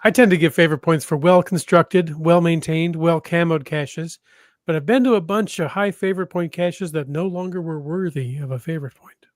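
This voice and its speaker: A man on a casual podcast, chiming in with deadpan, wry one-liners and reading listener notes. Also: fairly high pitch, normal speed, dry recording, studio quality. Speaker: podcast co-host.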